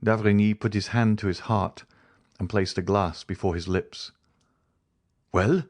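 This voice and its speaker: Male narrator, very low pitch, steady measured audiobook reading. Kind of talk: scripted narration.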